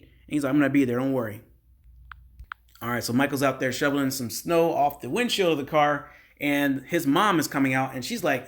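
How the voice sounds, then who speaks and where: A man's voice: medium pitch, brisk, a bit bright. A man casually recapping a reality show episode, chatting straight to his viewers. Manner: chatty, conversational, addresses viewers as guys.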